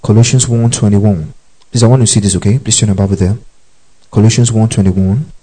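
A man's voice: lowish voice, steady tone, fairly quick, dark tone, husky, rough recording. Man teaching a sermon verse by verse. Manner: checks understanding often, repeats key phrases; tells listeners to underline verses. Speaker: preacher.

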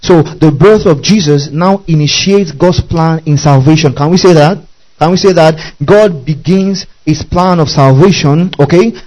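A man's voice: fairly high pitch, moderate pace, a little mellow, rough recording. Man preaching, verse-by-verse Bible teaching. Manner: teaching verse by verse, repeatedly asking the congregation if they follow; spells out Greek words letter by letter. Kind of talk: sermon.

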